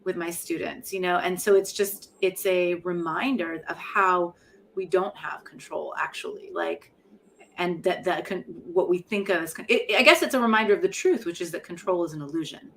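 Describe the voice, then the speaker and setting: A woman's voice: on the low side, normal speed, a little hiss or hum. A middle-aged woman, a poet and professor, talking frankly and reflectively in an interview, often laughing at herself. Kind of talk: candid conversational interview.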